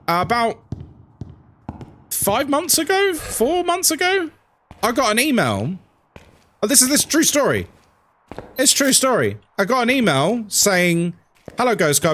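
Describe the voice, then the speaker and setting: A man streaming a game and chatting casually, telling rambling, animated stories and repeating himself a lot. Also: very high voice.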